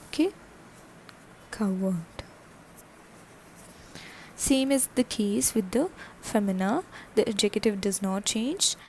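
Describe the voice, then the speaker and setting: A woman's voice: medium pitch, a little mellow, slight background noise. A woman teaching a French lesson, repeating each word, spelling it out letter by letter and checking in with "okay?" again and again. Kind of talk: slow explanatory language lesson.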